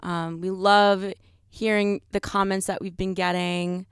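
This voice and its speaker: A woman's voice: medium pitch, flat delivery, unhurried, smooth, dry recording, clean studio sound. A woman co-hosting a podcast in casual chat, upbeat and supportive. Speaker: podcast co-host.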